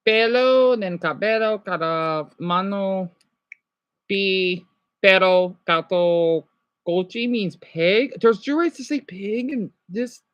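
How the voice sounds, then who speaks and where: A woman livestreaming casually, reading practice words aloud and chatting with her viewers, excitably exclaiming at surprises. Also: medium pitch, slow, smooth, no room sound. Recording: dull lo-fi sound.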